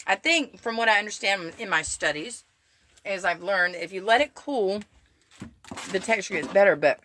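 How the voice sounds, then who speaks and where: A middle-aged woman doing a casual live stream from her home kitchen, chatty and excitable, greeting viewers by name. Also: mid-range voice, normal speed. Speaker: keto cooking vlogger.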